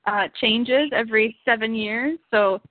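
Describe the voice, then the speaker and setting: A woman's voice: on the high side, unhurried, no room sound. A woman guest on a panel talk show, speaking hesitantly with many fillers as she promotes a supplement. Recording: dry tinny phone-like sound.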